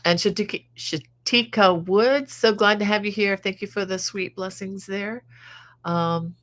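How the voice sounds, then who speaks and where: A woman's voice: mid-range voice, fairly even intonation, a little slow, fairly bright tone. A woman in her sixties hosting a casual live stream, chatting and reading viewer comments aloud, with many fillers and restarts. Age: 60s. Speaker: crochet channel host.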